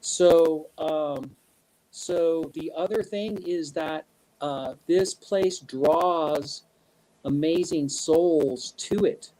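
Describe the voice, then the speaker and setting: A man's voice: fairly high pitch, extremely slow, warm tone, rough recording. A man in a casual interview, telling rambling stories with many restarts and bursts of laughter. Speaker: guest speaker.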